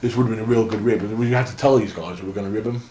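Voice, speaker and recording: Fairly low-pitched and very fast, a young man from England rambles through stories as an interview guest, frequently restarting. He's a wrestler, heard in an echoey room with background noise.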